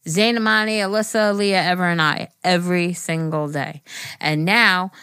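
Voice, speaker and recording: A woman's voice: on the low side, normal speed, clean tone, no echo. Middle-aged woman on a podcast mic, chatty storyteller, dry close sound. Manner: animated storytelling, acts out quotes. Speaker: podcast co-host. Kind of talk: casual chat.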